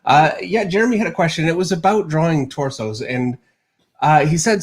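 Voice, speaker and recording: A man's voice: a little high, normal speed. Easygoing man hosting an art livestream. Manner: easygoing, laughs often, explains while drawing. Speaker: host, artist. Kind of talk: casual livestream chat and drawing lesson.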